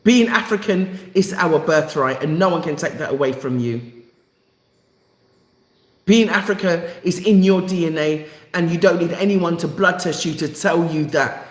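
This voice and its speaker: A woman with a lowish voice hosts a live stream for her channel, speaking at normal speed in an echoey room. She talks to her viewers emphatically, repeating phrases for effect.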